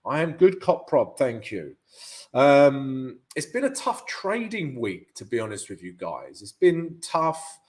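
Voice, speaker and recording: A man's voice: medium pitch, big pitch swings, unhurried. Chatty London man hosting a trading stream. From United Kingdom. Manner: chatty, keeps calling viewers "guys". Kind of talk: live market analysis and viewer Q&A.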